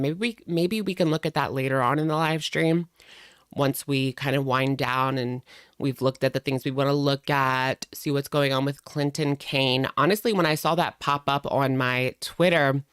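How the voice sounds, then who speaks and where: A woman's voice: low-pitched, smooth, dry recording, studio quality. A young woman hosting a live stream, chatting casually in a rambling way and greeting viewers by name.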